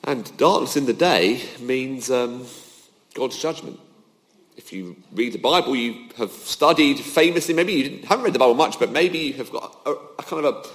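A man preaching a sermon, emphatic, with his voice rising and falling to drive points home. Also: on the high side. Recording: long hall reverb.

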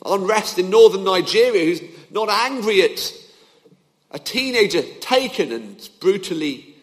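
Emphatic preacher in a reverberant hall. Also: male voice, sits high, lively intonation, measured pace. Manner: emphatic, rising and falling for emphasis. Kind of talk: sermon.

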